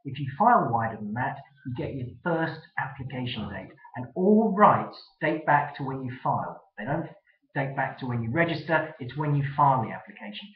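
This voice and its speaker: A man giving trademark advice in an interview, in a direct and brisk way. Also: medium pitch, lively intonation. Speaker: trademark attorney guest. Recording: echoey, dull web-video sound.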